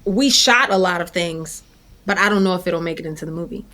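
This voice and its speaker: A middle-aged actress being interviewed, telling lively anecdotes and acting out quotes from others. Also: female voice, lowish voice, a little fast. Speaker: actress guest. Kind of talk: animated storytelling.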